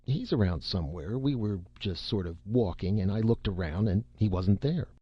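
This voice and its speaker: A man's voice: on the low side, expressive, moderate pace, husky, no room sound, dull audio. A man voicing an anxious, defensive boy who stammers and hesitates, in an audiobook reading. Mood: evasive.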